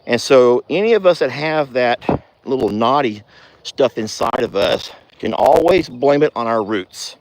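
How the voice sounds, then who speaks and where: A man's voice: mid-range voice, expressive, a little slow, poor audio. A man chatting folksily as host of a farm livestream, outdoors. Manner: folksy, chatty, calls loudly to his deaf dog. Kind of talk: casual livestream chat.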